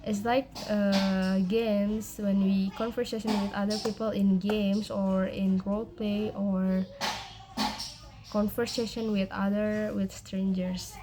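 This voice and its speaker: A young woman with an Indonesian accent giving a class presentation, halting, with many fillers and restarts. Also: mid-range voice, flat delivery, over music. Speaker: student presenter.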